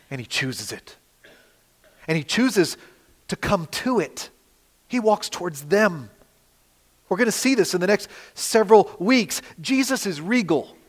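A man preaching a sermon, dramatic, with rhetorical questions, swinging between loud emphasis and quiet asides. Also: sits high. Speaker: pastor. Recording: long reverb of a hall.

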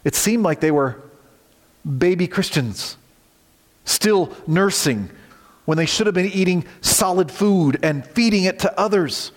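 A man preaching a sermon as pastor, swinging from quiet, low lines to shouted warnings. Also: lively intonation, measured pace. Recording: long reverb of a large hall.

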